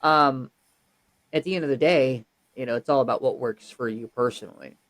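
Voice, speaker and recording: Man, podcast host, casual interview, halting, lots of fillers, middle pitch. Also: fairly bright tone. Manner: halting, many fillers and restarts before questions.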